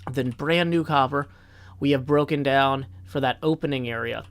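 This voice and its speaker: A man's voice: medium pitch, normal speed, clean tone. A man hosting a live stream in a casual, folksy, upbeat way, greeting viewers by name and walking them through his plans.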